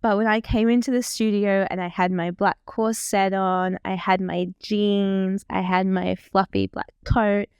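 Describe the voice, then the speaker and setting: A woman's voice: medium pitch, steady tone, unhurried, hardly any pauses, darkish tone, smooth, no room sound. Young woman, twenties, vlogger, chatty, self-deprecating, rambling, dry close sound. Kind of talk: casual reaction chat.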